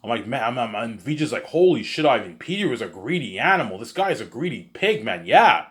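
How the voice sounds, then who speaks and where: A man's voice: medium pitch, very animated, fairly quick. A man rambling in a casual monologue, repetitive and boastful. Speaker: monologue host.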